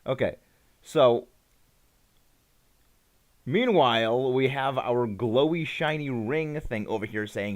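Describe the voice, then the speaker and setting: A man giving casual live commentary on a game he plays, excitable and full of fillers and laughs. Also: medium pitch, a little slow, long pauses. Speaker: gaming streamer.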